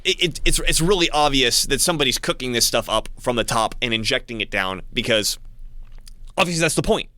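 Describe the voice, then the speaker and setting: A man talking in a casual monologue to his channel's viewers, halting with frequent restarts and repeated words. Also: mid-range voice, animated, bright, forceful tone, dry recording. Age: adult with young child. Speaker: channel host.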